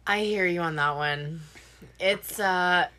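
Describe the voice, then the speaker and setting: A young woman in her twenties, a podcast guest in casual chat, reacting with quick, self-mocking remarks. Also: on the low side, pushed and bright.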